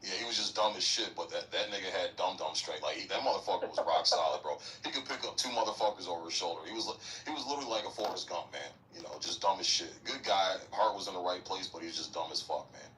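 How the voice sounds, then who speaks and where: A man's voice: sits low, fast talker, hardly any pauses, pushed and bright, distant mic, a little hiss or hum, rough recording. A man, a military veteran, telling rambling, profane stories in a casual podcast chat.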